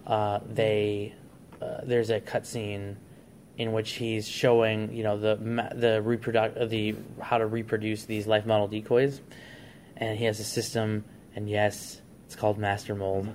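Animated man pitching a story. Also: a little slow, a little hiss or hum. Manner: animated storyteller, acts out characters' lines. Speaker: podcast co-host. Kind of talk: casual podcast chat, pitching a story.

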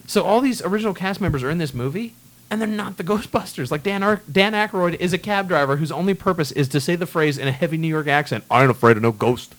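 A man's voice: high voice, fast. A man hosting a casual movie chat, ranting bluntly and swearing freely. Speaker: podcast host.

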